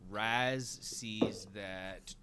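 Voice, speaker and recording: A man's voice: on the low side, steady tone, very slow, bright, forceful tone. A man narrating as game master of a tabletop role-playing game, describing scenes with fillers.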